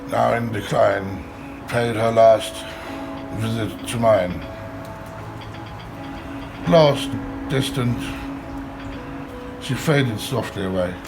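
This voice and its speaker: A man's voice: lowish voice, extremely slow, gravelly, long pauses, over music, poor audio. A man in a comedy sketch, talking in a pompous, old-fashioned, condescending way.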